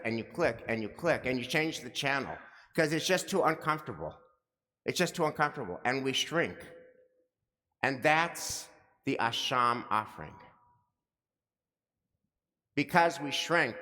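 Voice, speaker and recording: A man's voice: mid-range voice, a bit bright. A male rabbi giving a holiday sermon in a synagogue, building rhythm through repeated phrases. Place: synagogue sanctuary. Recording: long reverb of a large hall.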